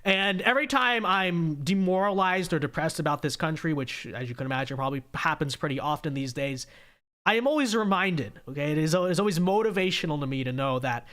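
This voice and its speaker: A man's voice: on the high side, animated, a little fast, a bit bright. Congested man ranting on a livestream. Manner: emphatic, repetitive, sarcastic. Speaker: host of a political livestream. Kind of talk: ranting political commentary.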